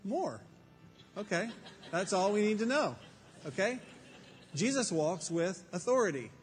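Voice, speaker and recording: A man's voice: sits high, big pitch swings, measured pace, soft background music. A man preaching a Bible teaching to a room full of people, conversational and emphatic, with rhetorical questions. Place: room with an audience. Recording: faint reverb and background noise.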